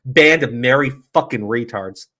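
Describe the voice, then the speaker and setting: A man's voice: mid-range voice, normal speed, pushed and bright. A man giving profane, heated, sarcastic commentary on a livestream. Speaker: streamer commentator.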